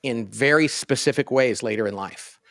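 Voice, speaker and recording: A middle-aged man speaks as an interview guest at a mid-range pitch. He thinks aloud earnestly and often restarts his sentences. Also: normal speed, gravelly, a bit bright. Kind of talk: casual interview conversation.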